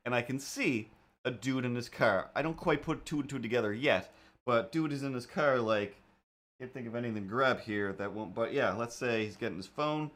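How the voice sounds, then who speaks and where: A man hosting a live stream, telling a rambling, animated anecdote in a casual tone. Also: mid-range voice, normal speed. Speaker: host.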